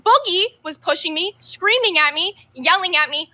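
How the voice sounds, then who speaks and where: Bright high-voiced arguing woman. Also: quick pace, few pauses. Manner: defensive, talking over others. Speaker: streamer guest. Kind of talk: heated live stream argument.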